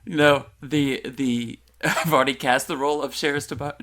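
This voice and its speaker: A man's voice: mid-range voice, brisk, hardly any pauses, fairly bright tone. A man co-hosting a casual comedic chat, riffing playfully on jokes. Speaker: podcast co-host.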